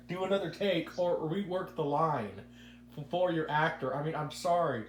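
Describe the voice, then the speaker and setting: A man's voice: fairly high pitch, moderate pace. A man hosting a casual podcast, giving rambling opinions and stumbling over repeated words. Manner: rambling, repeats words when starting sentences. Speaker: podcast host. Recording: echoey room with faint hum.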